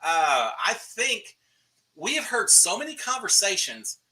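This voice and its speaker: A man's voice: high-pitched, a little slow, rough recording. A middle-aged man, chatting casually as host of a live stream and answering viewer questions in a folksy way. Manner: animated, folksy, restarts and uh fillers.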